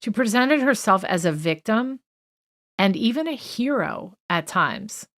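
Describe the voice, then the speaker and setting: A woman's voice: a little high, lively intonation, unhurried, a bit bright. A woman co-hosting a true crime podcast, talking through a list in a chatty, opinionated way with many fillers and asides. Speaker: podcast co-host.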